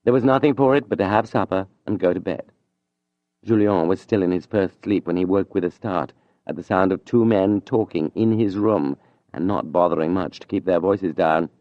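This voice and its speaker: A man narrating an audiobook in a measured, even storytelling manner. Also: deep voice, no room sound, muffled recording.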